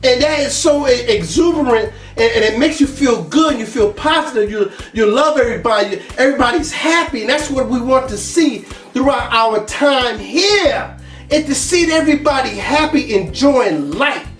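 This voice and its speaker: A man co-hosting a podcast in casual chat, animated, scatting rhythms and laughing often. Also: very high voice, normal speed. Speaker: podcast co-host. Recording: roomy, far from mic, faint music.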